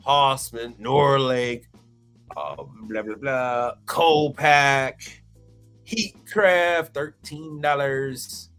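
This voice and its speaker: A man hosting a live stream on commercial appliance repair, reading through inspection reports with excitable, theatrical exclamations. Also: medium pitch, very slow, smooth, soft background music.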